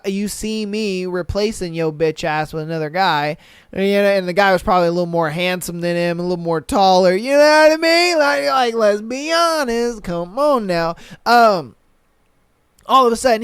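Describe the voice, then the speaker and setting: A young man hosting a podcast, reading listener stories aloud and reacting with blunt, profane, animated commentary. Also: sits high, clear, resonant tone, no room sound, studio quality. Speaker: podcast host.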